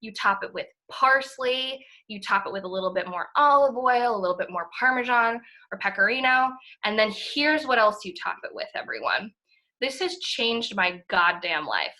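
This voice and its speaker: A woman's voice: medium pitch, expressive, moderate pace, sharp tone. A young woman chatting enthusiastically as a podcast co-host, full of fillers and the odd swear word. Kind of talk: casual chat.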